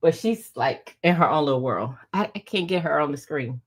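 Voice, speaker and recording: A woman's voice: low voice, animated, moderate pace, husky. A woman hosting a casual crafting livestream, bubbly and chatty, laughing often and talking straight to her viewers. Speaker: crafting channel host.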